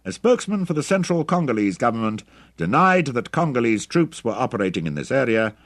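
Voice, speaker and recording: A man's voice: medium pitch, sing-song, brisk, dry recording, clean studio sound, pitched above the performer's own voice. A man voicing a radio news announcer who reads a bulletin in a formal, clipped delivery. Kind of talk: audiobook reading.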